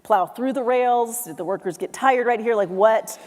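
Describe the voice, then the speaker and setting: A woman tells a motivational story to a live audience, acting out the voices of her family along the way. Her voice sits high and bright. It rings out with a long reverb through a large hall. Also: moderate pace. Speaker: keynote speaker.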